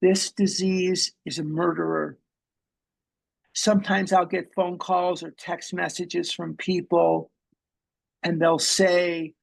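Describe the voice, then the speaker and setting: A man's voice: high-pitched, flat delivery, takes it slowly, creaky. An older man leading a recovery study group, talking with intense, emphatic repetition. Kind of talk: recovery meeting talk.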